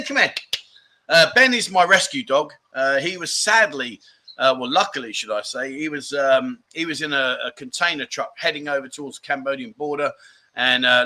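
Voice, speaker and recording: A man's voice: a little high, sharp tone. A man hosting a live chat show outdoors, rambling casually as he reads out viewer comments. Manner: rambling and chatty, with many restarts and asides. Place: outdoors in a garden under trees.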